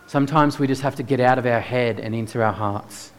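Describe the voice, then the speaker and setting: A man preaching a sermon with earnest, emphatic rhetorical questions. His mid-pitched voice carries a long reverb from the church hall around him. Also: brisk.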